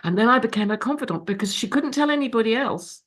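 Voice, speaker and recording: A woman's voice: on the high side, lively intonation, quick pace. A middle-aged woman giving a candid, emotional recovery share over a video call, swearing freely. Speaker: speaker at a recovery fellowship meeting.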